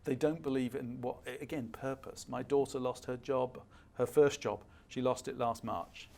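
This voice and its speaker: Animated older man, gravelly. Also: medium pitch, normal speed. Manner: animated, emphatic storyteller acting out dialogue. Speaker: guest speaker. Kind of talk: fireside chat.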